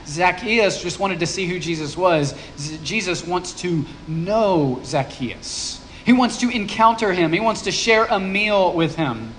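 A man's voice: high voice, measured pace, few pauses, a bit bright, slight background noise. A man, a pastor, preaching a sermon in a conversational, joking way, checking in with the congregation. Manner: conversational, playful asides to the congregation.

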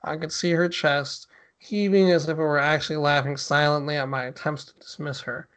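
A man's voice: a little high, fairly even intonation, fairly quick, a bit bright. A man co-hosting a podcast, reading a spooky story aloud with mock drama and stopping now and then to laugh and chat. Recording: dull lo-fi podcast audio.

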